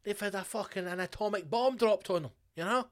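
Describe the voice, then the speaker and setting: Scottish guy ranting on his podcast, swears a lot, kinda high voice. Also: a little fast. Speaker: podcast host. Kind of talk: casual solo podcast rant.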